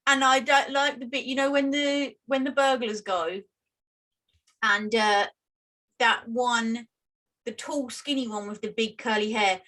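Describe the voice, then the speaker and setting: British woman chatting on a podcast, bit higher voice, laughs a lot. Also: fairly even intonation, unhurried, fairly bright tone. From United Kingdom. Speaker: podcast co-host. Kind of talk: casual chat.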